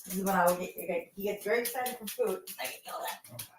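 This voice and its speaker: A woman's voice: mid-range voice, fast, a little hiss or hum. A woman hosting a casual livestream while she cooks at home, chatting with viewers and her dogs and still coughing a little. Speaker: livestream host. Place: home kitchen. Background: dogs barking.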